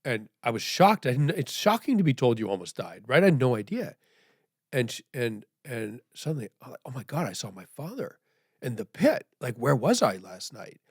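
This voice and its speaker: Rambling man recounting a story, hushed lows. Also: sing-song, moderate pace, slightly rough, no echo, studio quality. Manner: rambling, repeats "right?" often, drops to a hushed voice at grave moments. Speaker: guest. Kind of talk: podcast interview storytelling.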